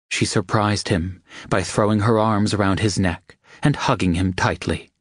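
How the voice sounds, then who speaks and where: A man with a very low voice reads an audiobook in a steady, even way. The recording is dry and close. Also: moderate pace, hardly any pauses, no echo. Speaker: audiobook narrator. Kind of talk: scripted narration.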